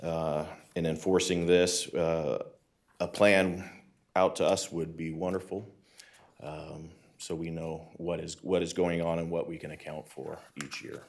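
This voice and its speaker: A man giving an earnest, halting public comment at a city council meeting. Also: deep voice, flat delivery, vocal fry. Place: council chamber.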